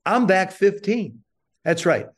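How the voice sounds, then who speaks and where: The older man, a guest on an interview show, takes his time with a self-deprecating tale, performing its quotes with lively flair. His voice sits high.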